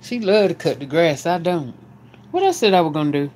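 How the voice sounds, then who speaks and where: This woman's voice sits on the low side and moves briskly as she talks casually to her audience. A vlogger, she records herself at home, then steps out onto the porch, staying chatty and animated and speaking directly to the camera.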